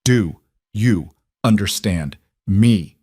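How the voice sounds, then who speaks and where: A man voicing a cold, controlled mafia boss who speaks in low, clipped commands. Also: animated, very slow, warm tone, breathy edge, no echo, clean studio sound, exaggerated voice. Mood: menacing.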